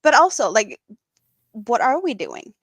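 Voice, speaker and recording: A woman's voice: fairly high pitch, wildly swooping pitch, unhurried, background noise. A woman with a Swedish accent, a non-native English speaker, chatting as a guest on a livestream, often hunting for words and restarting sentences. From Sweden. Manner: searches for words, restarts often, laughs easily. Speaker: guest crocheter. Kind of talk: casual livestream chat.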